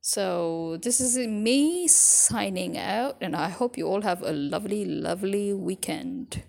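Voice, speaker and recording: A woman's voice: mid-range voice, expressive, slow pace, creaky, darkish tone. A woman vlogger talking casually to her viewers, musing aloud and asking them questions. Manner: chatty, musing, asks the audience.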